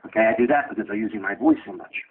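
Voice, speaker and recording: A man teaching a medical class who asks quick questions and answers them himself, with blunt joking asides. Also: on the low side. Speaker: medical lecturer. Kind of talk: lecture with questions to students. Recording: tinny lo-fi lecture recording with faint hiss.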